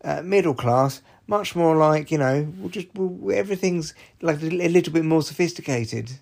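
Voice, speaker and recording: A man's voice: fairly high pitch, moderate pace, gravelly, a little mellow. A man hosting a podcast, talking candidly and swearing freely, rambling with restarts and side remarks. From Scotland. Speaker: podcast host. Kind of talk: casual monologue.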